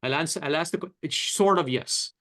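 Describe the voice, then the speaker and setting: A man's voice: a little high, fairly quick, fairly bright tone. A man moderating a webinar panel discussion, asking provocative questions in a rambling way and often repeating words as he thinks.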